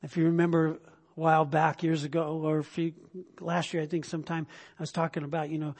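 A man's voice: a little high, level tone, quick pace, a little mellow. A middle-aged male pastor preaching a conversational sermon, full of restarts and sudden bursts of emphasis. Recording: long hall reverb.

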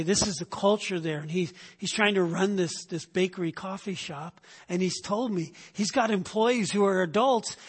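A man's voice: high voice, slightly rough, in a large hall. A man preaching a sermon in a teaching tone, often checking in with his listeners with "okay?" and "right?".

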